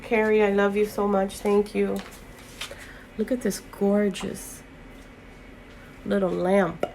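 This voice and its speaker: Middle-aged woman, gravelly and slow, near tears, gushing unboxing vlog host. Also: mid-range voice, little pitch movement, a little mellow, slight background noise. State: choked up. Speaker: tarot channel host.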